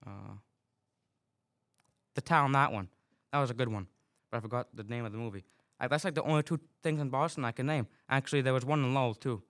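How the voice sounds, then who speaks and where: A man's voice: mid-range voice, a little fast, fairly bright tone. A man with a Massachusetts accent, filling in as a weather presenter in a casual, rambling comic monologue full of complaints.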